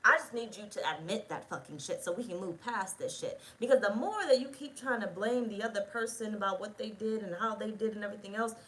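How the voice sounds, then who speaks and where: Woman, tarot reader, casual monologue to the viewer, blunt, profane, mid-pitched voice. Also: brisk, few pauses, fairly bright tone, low-quality recording. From United States. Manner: blunt, swears freely, talks straight to the viewer.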